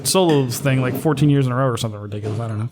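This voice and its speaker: Laid-back male co-host, casual and profane, average pitch. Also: rapid-fire, a little mellow, faint music behind. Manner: laughs easily, profane, easygoing. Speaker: podcast co-host. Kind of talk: casual chat.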